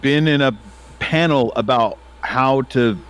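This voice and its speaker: A man's voice: mid-range voice, slow, a bit bright, clear, resonant tone. A man explaining his view on role-playing in an earnest, explanatory manner during a casual chat.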